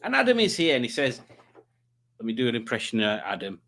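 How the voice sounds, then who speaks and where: A man's voice: medium pitch, huge pitch swings, fast, fairly bright tone. A man hosting a live stream, chatting casually and joking while reading out viewer comments. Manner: playful, jokey, chatty asides.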